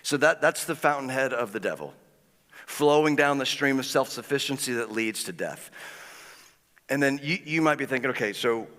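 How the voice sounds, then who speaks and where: A man's voice: mid-range voice, expressive, fairly bright tone. Man preaching in an echoing church hall. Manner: conversational preaching with quick repetitions and acted quotes. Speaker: pastor. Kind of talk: sermon. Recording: long hall reverb.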